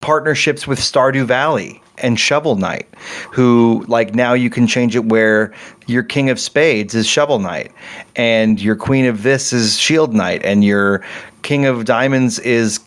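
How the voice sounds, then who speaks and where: A man's voice: mid-range voice, measured pace. A middle-aged man talking casually as a game developer guest on a podcast, rambling and correcting himself as he tells a story with animation.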